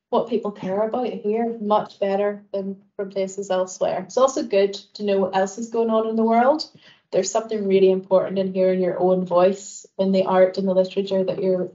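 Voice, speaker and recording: A woman's voice: medium pitch, warm tone, dull audio. A woman from Northern Ireland with a Ballymena accent, a writer telling chatty stories while answering questions at a seminar. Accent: Northern Irish, Ballymena. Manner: chatty, storytelling, uses "wee".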